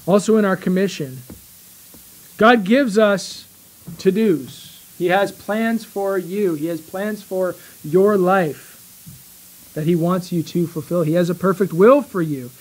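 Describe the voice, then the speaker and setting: A man preaching a sermon in a small church, earnest and emphatic, slowing down and pausing to stress his points. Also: high voice, a little mellow, poor audio. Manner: earnest, slow emphatic delivery with pauses.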